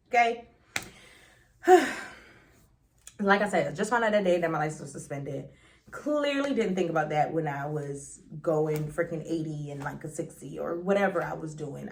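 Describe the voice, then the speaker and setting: A young woman telling a dramatic story in a chatty storytime vlog, full of slang and quick swings between loud and hushed. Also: low-pitched. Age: young adult. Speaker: vlogger.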